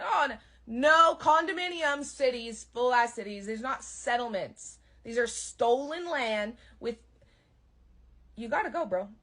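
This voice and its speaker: A young woman rants with heat and sarcasm, swearing freely. Her voice sits a little high with a husky, breathy grain. She argues fast and hard, like a fired-up monologue. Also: fairly bright tone. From Canada. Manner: heated, profane, sarcastic. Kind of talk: ranting monologue.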